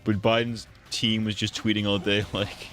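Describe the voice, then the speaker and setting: A man's voice: on the low side, little pitch movement, moderate pace, a bit bright, faint music behind. A man streaming a game and joking crudely in casual commentary, laughing often.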